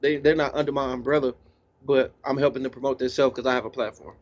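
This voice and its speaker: A laid-back man talks slangily as a guest DJ, voice at an ordinary pitch. The recording sounds a little dull and lo-fi. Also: steady tone, fast talker. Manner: laid-back, slangy, eating while talking. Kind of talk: casual interview talk.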